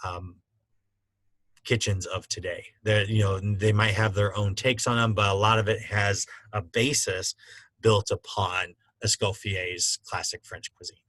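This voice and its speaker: A man's voice: lowish voice, fairly even intonation, measured pace, a bit bright, no room sound, poor audio. A man teaching a culinary school class in a casual, conversational lecture with frequent fillers. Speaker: culinary instructor.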